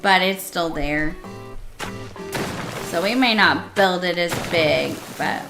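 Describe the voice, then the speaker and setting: A woman streaming herself playing a cozy game, chatting casually with viewers and gushing with excitement over what she builds. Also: lowish voice, slow pace, over music. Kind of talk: casual live-stream chat while playing.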